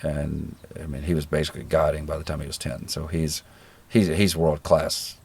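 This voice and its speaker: A middle-aged man with a generic American accent, a guest in a relaxed interview, telling stories in an easygoing, self-deprecating way. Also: rumbling low, normal speed, creaky, breathy edge. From rural Georgia, American South. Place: living in New Zealand.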